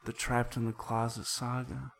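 A man co-hosting a podcast, chatting in a laid-back, low-key way. His voice is gravelly, and his pitch sits in the middle range. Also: monotone, moderate pace. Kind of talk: casual chat.

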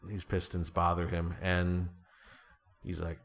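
Low-voiced rambling man in his thirties. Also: moderate pace, a bit bright. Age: 30s. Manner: rambling, self-deprecating, jokey. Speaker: podcast co-host. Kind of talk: casual chat.

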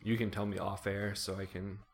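A man's voice: lowish voice, little pitch movement, fairly quick, vocal fry. A man hosting a casual podcast chat, making dry, wry remarks. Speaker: podcast host.

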